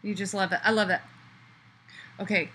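Woman author, casual vlog from a hotel room, bright and effusive, gushing delivery. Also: medium pitch, steady tone, normal speed, a little hiss or hum, low-quality recording. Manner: gushing, breathless enthusiasm. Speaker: children's book author. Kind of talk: casual excited video chat.

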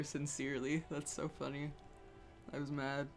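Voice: mid-range voice, little pitch movement, moderate pace, faint music behind. A game streamer chatting casually on a live stream while playing, laid-back, swearing freely and laughing often.

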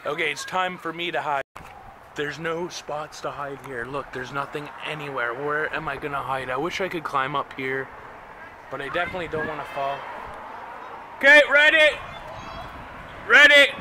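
Excitable high-voiced man vlogging outdoors. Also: moderate pace. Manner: excitable, exclaiming, narrating to the camera. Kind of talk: casual family vlog. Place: outdoors in a built-up area. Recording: outdoor ambient noise.

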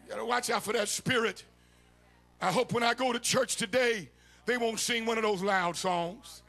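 A man preaching a sermon, shouting and chanting his lines in a sung, call-and-response cadence. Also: very high-pitched, moderate pace, vocal fry. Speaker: bishop preaching. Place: church sanctuary.

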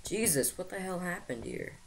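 A man chatting casually while playing a game with friends, excitable and joking, swearing and exclaiming as he plays. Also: high-pitched, moderate pace, low-quality recording. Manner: excitable, swears, jokes loudly; playful exclamations. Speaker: gamer. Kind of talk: casual gaming chat.

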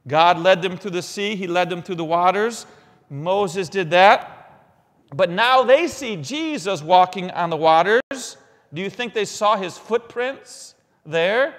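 A man preaching a sermon in a church. He talks dramatically, dropping to a hush and then rising loud, asking the congregation questions and repeating key phrases. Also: high-pitched, measured pace. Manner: dramatic, swinging from hushed lines to loud emphatic ones. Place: church sanctuary. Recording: long reverb of a large church hall.

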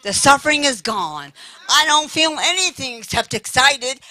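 A woman preacher putting on a shrill, emotional young woman. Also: lively intonation, normal speed, bright, forceful tone, no echo, poor audio. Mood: elated. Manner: voice cracking high with emotion.

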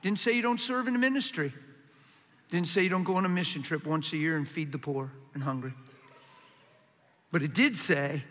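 A man preaching a sermon with passion, swinging from quiet, confiding lines to loud, urgent ones. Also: fairly high pitch, moderate pace, pauses often. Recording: hall reverb.

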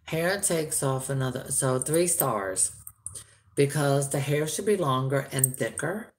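A woman reviewing a doll in a chatty, rambling vlog, turning sharp when she scolds someone. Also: extremely low pitch, lively intonation, measured pace.

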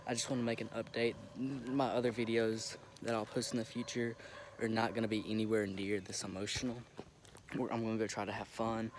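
A young man recording himself on his phone, talking haltingly with many restarts as he holds back tears. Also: on the low side. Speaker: vlogger. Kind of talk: emotional direct-to-camera update. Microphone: phone camera. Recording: phone recording with noticeable background noise.

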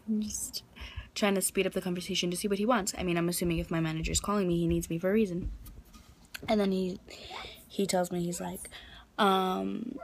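A woman's voice: fairly low pitch, flat delivery, fast talker, a little hiss or hum. A young adult woman talking casually to her camera in a daily vlog, telling a story with lots of ums and asides. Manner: chatty storytelling with many ums. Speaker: vlogger. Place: outdoors for part of the vlog.

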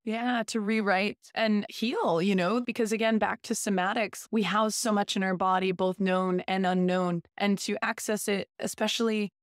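A woman's voice: medium pitch, fairly even intonation, moderate pace, hardly any pauses, no room sound, clean studio sound. A woman hosting a podcast, thoughtfully affirming and building on her guest's points before asking questions. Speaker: podcast host. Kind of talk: reflective conversational interview.

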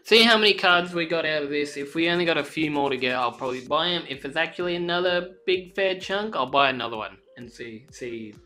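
A woman vlogger with a low, deep-set speaking voice and a bright, forceful edge. She chats casually while opening card packs, cursing freely and jumping into sudden squeals when a good card turns up. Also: fairly quick, few pauses. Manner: excitable, swears freely, sudden high squeals. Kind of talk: casual unboxing chat.

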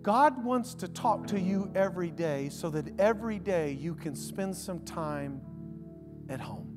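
A man preaching a conversational sermon, swinging from loud emphasis to hushed, drawn-out words. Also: high voice, expressive, big-room sound. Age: adult father of a young son. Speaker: pastor. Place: church sanctuary. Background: soft instrumental music.

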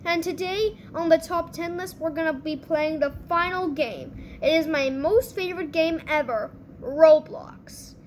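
A woman hosting her channel, giving excitable gameplay commentary with quick reactions. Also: very high voice, a little hiss or hum. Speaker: channel host.

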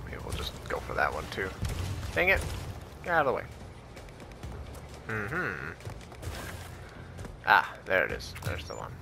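Gravelly dude rambling thru a game, goofy noises, music going in the background. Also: male voice, sits low, huge pitch swings, a little slow, pauses often. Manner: playful, muttering, silly sound noises. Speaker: gaming YouTuber. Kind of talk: casual gameplay commentary. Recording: game music playing under voice.

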